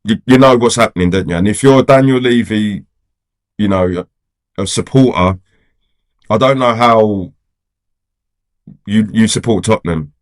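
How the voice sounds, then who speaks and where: A man's voice: lowish voice, unhurried, long pauses. A man, a football fan vlogger ranting casually to camera in a rambling, exasperated way. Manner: rambling, exasperated, heavy on "you know" and "do you get what I'm saying".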